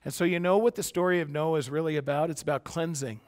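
A man preaching a conversational sermon to a congregation, moving between emphatic points and quiet, soft-spoken asides, picked up by a church microphone. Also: a little high, fairly even intonation, fast. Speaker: pastor. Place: church sanctuary before a congregation. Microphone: church sound system microphone.

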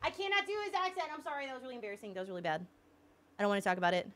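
Woman streamer, casual chat, exasperated and blunt, slightly high. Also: sing-song, very fast, fairly bright tone.

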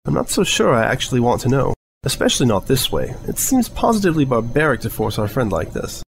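A man's voice: mid-range voice, very animated, fast talker, creaky, a little hiss or hum, rough recording. A man voicing a refined, prim female unicorn pony with a genteel manner in a storybook reading. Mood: reluctant.

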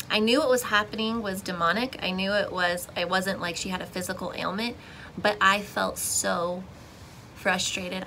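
Bright-voiced young woman telling her story. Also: medium pitch, creaky, slight background noise, low-quality recording. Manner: expressive, emotional retelling with restarts. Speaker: vlogger sharing a faith testimony. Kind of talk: personal testimony, casual storytelling.

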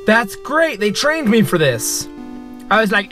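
A man doing let's play commentary on a game, excitable and joking, yelping at scares and talking to his viewers. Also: high voice, normal speed, soft background music. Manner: excitable, yelps and shouts at scares. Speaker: gamer.

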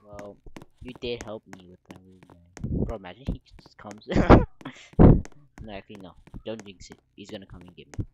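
A teenage boy giving casual, rambling gameplay commentary, with sudden loud outbursts and voice cracks. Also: fairly low pitch, sing-song, normal speed, gravelly. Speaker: gaming video creator. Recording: noisy home mic recording.

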